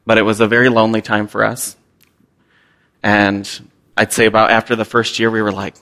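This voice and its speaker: A man's voice: fairly low pitch, steady tone, fairly quick, pushed and bright. A young man, a missionary, giving a candid and earnest personal testimony to a church, with some self-deprecating humor.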